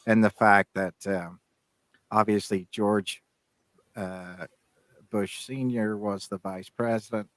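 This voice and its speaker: A man's voice: on the low side, fairly even intonation, a bit bright, no echo. A man in his fifties co-hosting a podcast, rambling through casual chat with lots of restarts and fillers. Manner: halting, many restarts and fillers. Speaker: podcast co-host.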